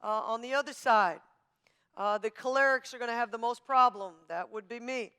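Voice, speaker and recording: A woman pastor teaching a marriage class in an emphatic, forceful, coach-like manner. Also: fairly high pitch, normal speed, smooth. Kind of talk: sermon-style teaching.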